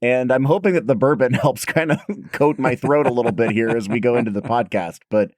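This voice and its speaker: A man in his thirties co-hosting a podcast in casual chat, his voice hoarse and raspy, telling stories in a chatty, self-deprecating way. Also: mid-range voice, a little fast, a little mellow, no room sound, clean studio sound. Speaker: podcast co-host.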